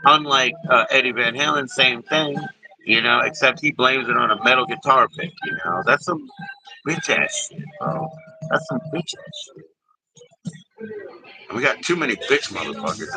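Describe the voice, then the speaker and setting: A man's voice: medium pitch, pushed and bright, poor audio. A man hosting a livestream, ranting in a profane, rambling and heated way. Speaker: livestream host. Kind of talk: casual livestream rant.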